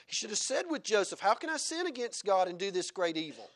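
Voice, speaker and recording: Preacher, male, high register, punchy exhortations broken by soft chuckling asides. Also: big pitch swings, fast. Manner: swings between loud exhortation and quiet chuckling asides. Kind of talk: sermon.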